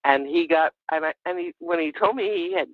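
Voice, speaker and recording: An older woman calling in to a radio show, earnestly telling a personal story and acting out her child's lines in a higher voice. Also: a little fast, dry recording. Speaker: caller. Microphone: telephone. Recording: tinny dry phone line.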